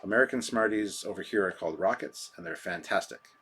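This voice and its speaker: A man's voice: sits low, fast, fairly bright tone, slight background noise. A man hosting a live stream, chatting casually and rambling through viewer comments with a self-deprecating manner.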